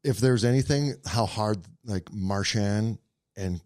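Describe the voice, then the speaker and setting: Low-voiced man from Minnesota, dry sound. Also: slow, no room sound. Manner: relaxed, reflective storytelling. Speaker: podcast guest, former hockey player. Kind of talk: casual chat.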